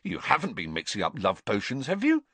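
A man's voice: mid-range voice, wildly swooping pitch, brisk, a bit bright, slightly rough, no room sound, pitched above the performer's own voice, exaggerated voice. A man voicing an anxious teenage schoolboy wizard who sounds agitated and insistent.

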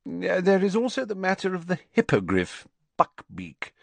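A man voicing an elderly male headmaster who speaks in a measured, formal, gently amused way. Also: high voice, wildly swooping pitch, gravelly, dry recording, pitched above the performer's own voice, heavily acted. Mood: calm. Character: elderly male headmaster, calm, courteous and wry.

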